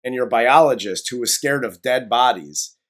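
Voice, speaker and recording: A man's voice: medium pitch, moderate pace. A man co-hosting a casual movie review podcast, sarcastic and profane, acting out scenes with mocking voices. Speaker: podcast co-host.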